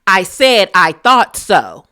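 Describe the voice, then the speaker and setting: A woman's voice: mid-range voice, animated, slow, pushed and bright. A woman voicing a blunt, sarcastic woman who mocks and laughs at others. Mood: mocking.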